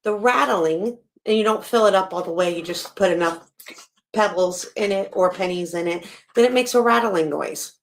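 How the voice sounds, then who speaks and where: A woman hosting a live stream, reacting to a podcast in blunt, animated casual talk and swearing freely. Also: medium pitch, normal speed, gravelly, slight background noise.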